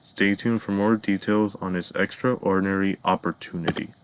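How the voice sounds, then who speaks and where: A man voicing a polished male TV news anchor with a smooth announcer delivery in a cartoon fan story. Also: low voice, steady tone, moderate pace, background noise, lightly acted. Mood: upbeat.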